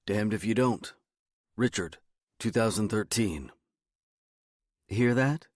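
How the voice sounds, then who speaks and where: A man narrating a novel in a measured, even storytelling manner on a close studio mic. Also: fairly low pitch, no room sound. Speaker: audiobook narrator. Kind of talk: scripted first-person narration.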